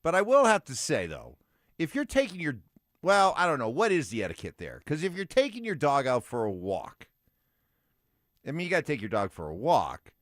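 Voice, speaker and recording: Male morning sports radio host, animated delivery, close dry studio sound. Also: a little high, normal speed, dry recording. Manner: animated, reads sports news updates. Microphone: studio microphone.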